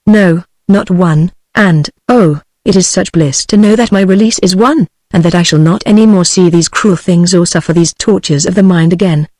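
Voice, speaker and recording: A text-to-speech voice reading the lines of a gentle young peasant woman turned warrior, as a plain synthetic reading with no voice change. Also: medium pitch, normal speed, hardly any pauses, dry recording, close to an everyday voice. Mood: earnest.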